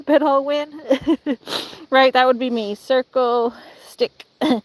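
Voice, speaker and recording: A woman's voice: high-pitched, fairly even intonation, slow pace. A young woman vlogging with her dog, chatting casually, laughing often and slipping into sing-song baby talk. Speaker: pet vlogger.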